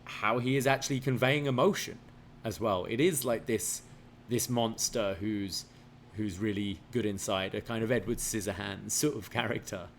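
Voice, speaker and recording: A man's voice: fairly low pitch, normal speed, slight background noise. A man co-hosting a podcast in casual chat, laying out his opinions in a thoughtful, explaining way. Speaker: podcast co-host.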